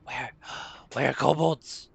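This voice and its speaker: A man voicing a small, scraggly, nervous goblin who speaks in halting, broken phrases in a hushed, shaky voice. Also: mid-range voice, steady tone, creaky, breathy edge, exaggerated voice. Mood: frightened. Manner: halting broken speech, stammering short phrases.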